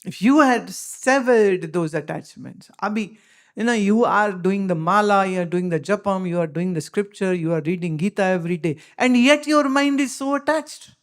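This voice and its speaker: Woman spiritual teacher, Indian English accent, mid-pitched, forceful lecturing delivery with rhetorical questions. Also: lively intonation, moderate pace. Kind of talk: spiritual discourse to followers.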